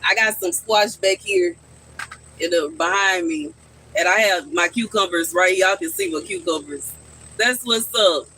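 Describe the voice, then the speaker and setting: A man's voice: sits high, unhurried, bright, forceful tone, a little hiss or hum, rough recording. A man chatting casually on a live stream from his backyard garden, answering his viewers' questions.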